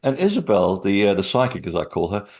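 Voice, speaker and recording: A lively, deep-voiced man spins anecdotes as a guest speaker. His pitch leaps around as he acts out moments and laughs along the way. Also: a little fast. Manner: animated, laughing storyteller. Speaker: guest speaker, author on sacred sites. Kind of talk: storytelling in a webinar talk.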